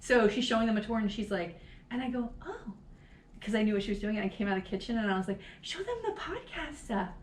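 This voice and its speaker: A woman in her forties co-hosting a podcast in casual chat, animated, swearing freely and laughing often. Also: mid-range voice, fast talker, roomy sound, recorded from a distance, slight background noise. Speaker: podcast co-host.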